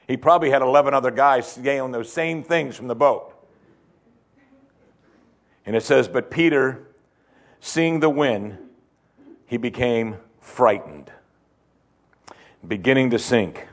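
A man preaching a sermon, swinging between loud emphasis and hushed tones and repeating phrases for effect. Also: mid-range voice, expressive, unhurried, pauses often. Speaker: pastor.

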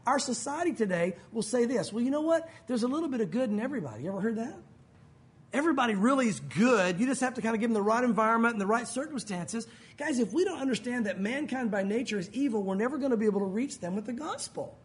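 Man, pastor, sermon, animated pitch, chatty preaching, acted-out quotes. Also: quick pace. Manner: conversational preaching, acts out quoted voices.

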